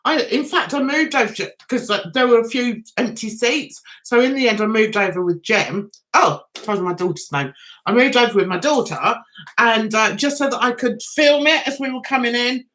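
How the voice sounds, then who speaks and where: A woman's voice: on the high side, moderate pace, fairly bright tone. A middle-aged woman hosting a casual livestream, telling an anecdote with giggles and animation. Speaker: YouTube host.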